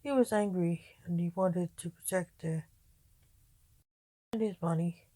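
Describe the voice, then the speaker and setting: A woman reading a story aloud in a slow, measured storybook manner. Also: lowish voice, warm tone, dry recording, rough recording. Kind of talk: scripted story narration.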